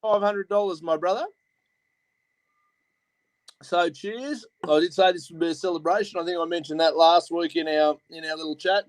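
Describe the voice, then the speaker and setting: A blunt, rambling Australian man hosts a casual chat and swears freely. His voice sits a little high for a man. The sound is dry and close. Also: moderate pace, long pauses, no room sound, low-quality recording. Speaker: host.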